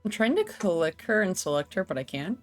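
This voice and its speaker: A woman's voice: fairly low pitch, big pitch swings, brisk, faint music behind. A woman playing an online tabletop game, chatting casually with the group. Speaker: player.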